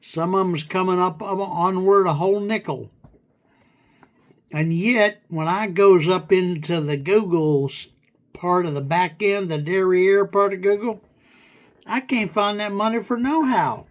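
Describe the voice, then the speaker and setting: A man's voice: sits high, a little slow. A man voicing a folksy, flirty hillbilly who makes up words, with a put-on Southern hillbilly accent, bantering on a livestream. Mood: folksy teasing. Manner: drawling, rambling, coins fake words.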